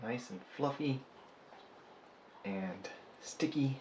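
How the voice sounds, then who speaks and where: A polymer clay artist chats casually while sculpting, rambling and making self-deprecating jokes. His expressive, medium-pitched voice is a little mellow and very slow, with a little hiss or hum, an echoey room and faint ambience.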